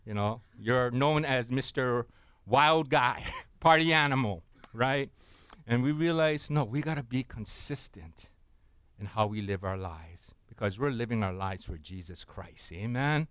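A man's voice: mid-range voice, measured pace, a bit bright, smooth, no echo. A man preaching a sermon, telling a story and often asking his listeners "right?" and "amen?". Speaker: pastor.

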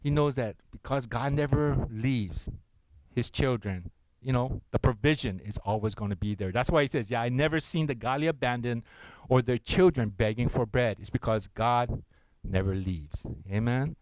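A man, a pastor preaching a sermon, earnest and gentle, with soft intimate passages and loud slow scripture readings. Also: mid-range voice, no room sound, poor audio.

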